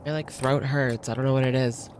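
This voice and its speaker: A man's voice: mid-range voice, steady tone, brisk, darkish tone, a little hiss or hum. A man hosting a casual livestream, chatting and reading out viewer comments with lots of "like" fillers. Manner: chatty, frequent "like" fillers, laughs often.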